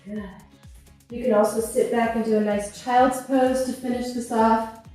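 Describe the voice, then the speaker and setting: Out of breath, a fitness instructor in her fifties encourages and coaches through each core exercise. Her voice is fairly high and dark, with fairly even intonation and an unhurried pace. The recording comes through a distant-sounding clip-on mic in an echoey room with music behind.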